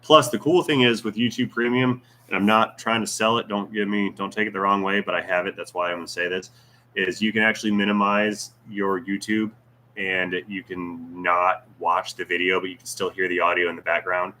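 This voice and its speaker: A man's voice: sits low, little pitch movement, brisk, sharp tone, a little hiss or hum. A man hosting a casual livestream Q&A, reading viewer comments aloud with jokes, teasing and rambling asides. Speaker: YouTube channel host.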